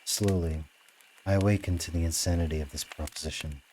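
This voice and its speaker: A man reading a novel aloud on a live stream in a steady narrating voice. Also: deep voice, fairly quick, slight background noise, rough recording. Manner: steady narration, with offhand asides. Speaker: reader.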